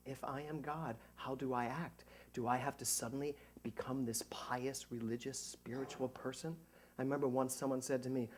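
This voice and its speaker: A middle-aged man, a minister, giving a conversational sermon to a congregation, animated and joking at his own expense. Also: mid-range voice, normal speed, breathy edge. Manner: animated, jokey, self-mocking. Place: church service before a congregation.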